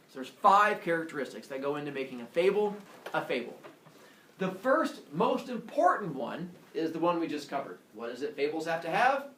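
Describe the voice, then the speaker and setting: A male teacher giving a jokey, animated lecture to his class. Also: a little high, normal speed, slight background noise. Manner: jokey, animated, lots of uh fillers and voices. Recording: echoey classroom, camera far off.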